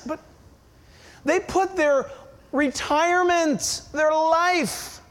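A man with a strikingly high voice preaches a sermon. He presses each point hard and keeps throwing pointed questions at his congregation. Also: very slow, long pauses, fairly bright tone. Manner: emphatic, fires rhetorical questions at listeners. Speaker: pastor.

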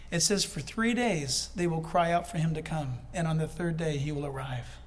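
A man's voice: fairly high pitch, moderate pace. A male preacher delivering a sermon, reading scripture aloud and breaking off into conversational asides to the congregation.

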